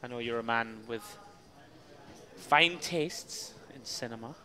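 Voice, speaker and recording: A man's voice: medium pitch, slow pace, bright, forceful tone. A man doing live poker commentary with jokey, easygoing banter.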